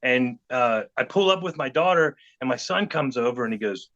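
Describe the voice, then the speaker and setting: A man's voice: mid-range voice, normal speed. A middle-aged man, a podcast guest telling an anecdote and acting out the quotes of other people. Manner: animated, acts out quotes of others. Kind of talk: storytelling anecdote. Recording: dull lo-fi podcast audio.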